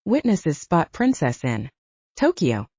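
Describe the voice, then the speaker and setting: Brief: a brisk, opinionated young woman for an audiobook read by a woman, lively pitch, mellow and muffled. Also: husky, no room sound, exaggerated voice. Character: outspoken young woman journalism intern.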